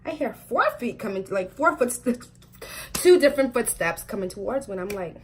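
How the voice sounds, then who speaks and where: A woman in her twenties telling a storytime vlog, talking quickly and chattily with lots of "like" fillers and frequent laughs. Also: a little high, expressive, slight background noise. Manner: chatty and fast, full of "like" fillers, laughs often. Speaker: vlogger.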